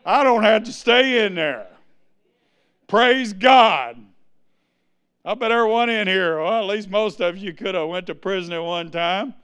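An exuberant male preacher delivering a sermon in a high, very clear voice. He drawls slowly and breaks into whooping shouts, calling on the crowd to answer. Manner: exuberant, with sudden shouts and calls to the congregation.

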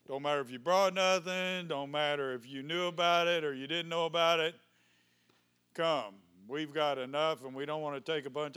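A man, a pastor preaching fervently to his congregation, speaking in tongues, shouting calls and dropping folksy asides. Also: fairly high pitch, smooth. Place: church sanctuary with congregation. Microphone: handheld microphone.

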